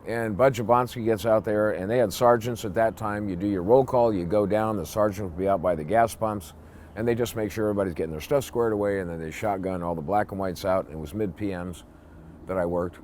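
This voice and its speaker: An older man, a former police officer, telling a casual anecdote in a blunt, salty way and acting out the gruff lines of others. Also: on the low side, brisk, a little mellow, a little hiss or hum. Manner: blunt, salty storyteller who acts out gruff quoted lines.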